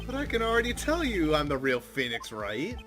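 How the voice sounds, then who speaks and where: A man voicing an earnest young male defense lawyer in a plain, steady tone, over game music. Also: on the high side, a little fast, pitched above the performer's own voice.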